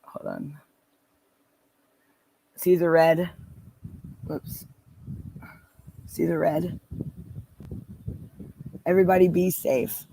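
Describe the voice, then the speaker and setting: A man's voice: on the high side, level tone, takes it slowly, gravelly, pauses often, mellow. A man hosting a casual livestream from his car, rambling and answering viewer comments with many restarts. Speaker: livestream host. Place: parked car.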